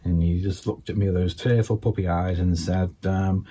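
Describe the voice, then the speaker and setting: Barely pausing, an older English comedian with a Scouse accent rambles through his stand-up set. His pitch swings lively as he fills the routine with asides, ums and you-knows.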